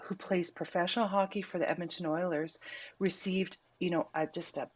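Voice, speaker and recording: A woman on a podcast telling a story with earnest, animated delivery. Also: lowish voice, normal speed. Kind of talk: podcast conversation.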